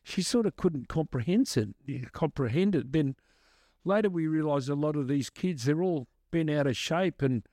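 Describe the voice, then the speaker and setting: A man's voice: fairly high pitch, lively intonation, normal speed, dark tone, no echo, clean studio sound. A man, a guest musician, answering questions in a chatty, rambling way full of restarts. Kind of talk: casual storytelling answers.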